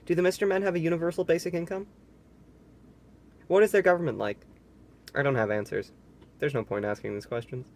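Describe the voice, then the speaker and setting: A man's voice: a little high, fairly even intonation, brisk, pauses often, a little mellow. A man reading a children's book aloud and breaking off for sarcastic, incredulous comments. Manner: sarcastic asides, incredulous questions. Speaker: reader.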